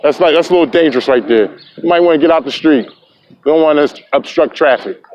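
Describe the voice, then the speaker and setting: A man's voice: on the high side, fast talker, a little mellow. A man filming police on a city street, taunting and lecturing them in a confrontational argument. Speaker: camera-carrying activist filming police. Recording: muffled lo-fi street recording.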